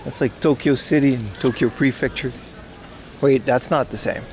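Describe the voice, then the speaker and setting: A man's voice: mid-range voice, moderate pace, a little mellow, a little hiss or hum. A man hosting a casual livestream outdoors on a city street, joking and answering his chat as he walks. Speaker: livestream host.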